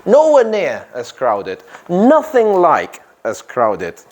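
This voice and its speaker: Male teacher, classroom lesson, deliberate delivery with punchy stressed words, animated pitch. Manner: slow, deliberate, stresses key words, quizzes students. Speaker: English teacher.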